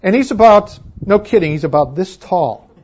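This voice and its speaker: A man preaches a sermon to his church in a high voice, rising to loud exclamations and dropping to hushed near-whispers. The recording sounds dull and lo-fi. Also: expressive, moderate pace, breathy edge. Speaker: pastor.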